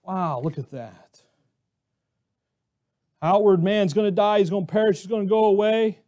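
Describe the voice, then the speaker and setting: Pastor, male, very high voice, emphatic sermon delivery full of rhetorical questions. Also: moderate pace, warm tone. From Arizona, US.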